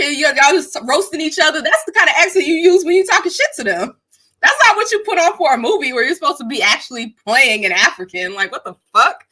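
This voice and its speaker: A woman talks straight to her live-stream chat in a high, bright voice. She swears freely and hammers her points with emphasis. She breaks into laughter often between her points. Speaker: streamer and channel host. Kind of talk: casual live-stream commentary.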